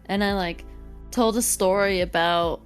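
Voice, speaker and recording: A woman's voice: medium pitch, steady tone, measured pace, soft background music. A woman guest, a streamer and content creator, chatting casually in an interview, bubbly and giggly with lots of "like" fillers.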